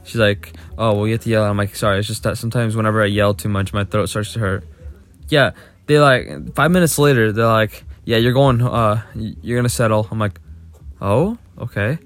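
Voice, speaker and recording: A man's voice: lowish voice, fairly quick. A young man co-hosting a podcast, casually telling a long, profane story about work. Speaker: podcast co-host. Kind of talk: casual chat.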